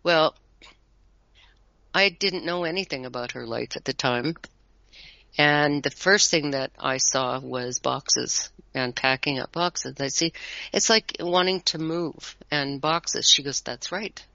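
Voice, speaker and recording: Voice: medium pitch, slow, vocal fry, sharp tone, dry recording, lo-fi sound. A tarot reader talking as a guest in a casual conversation, rambling a little and chuckling often.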